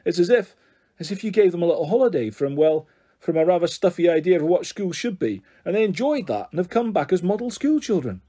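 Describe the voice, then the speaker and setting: A man's voice: high voice, very animated, fairly quick, dark tone, slightly rough, full character voice. A man voicing a kindly, earnest male head teacher who lectures fondly, in a storybook reading.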